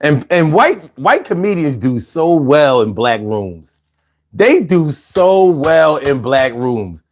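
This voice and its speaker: A middle-aged man hosts a live stream from home. He is slightly higher-pitched than most men and talks in a loose, profane, rambling way, stumbling over restarts as he reads viewers' comments aloud. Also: sing-song, takes it slowly. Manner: profane, rambling, stammering restarts, laughing asides.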